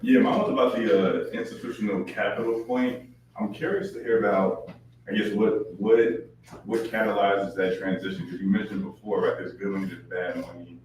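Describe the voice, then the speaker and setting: A man's voice: fairly low pitch, normal speed, darkish tone. A man in the audience putting a hesitant question to the speaker and searching for his words as he goes. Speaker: audience member asking a question. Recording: very echoey room, distant mic, faint ambient noise.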